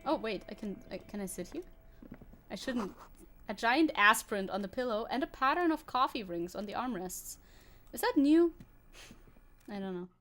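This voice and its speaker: A woman's voice: fairly high pitch, lively intonation, moderate pace, pauses often, fairly bright tone. A woman streamer giving casual gameplay commentary, chatty and giggly, thinking aloud. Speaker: VTuber streamer.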